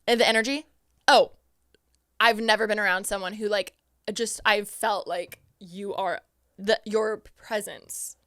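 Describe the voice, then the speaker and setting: A young woman hosting a podcast, telling a story in a casual, excitable way and acting out her own reactions. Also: medium pitch, measured pace, dry recording, studio quality. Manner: excitable, animated quoting of herself. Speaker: podcast host.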